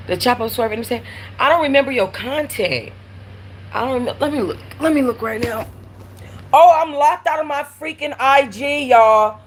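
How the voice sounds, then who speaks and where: A woman hosting a live stream from her apartment, telling animated, slangy stories with blunt cursing. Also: mid-range voice, slight background noise, poor audio. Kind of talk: casual live-stream chat. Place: at home in an apartment.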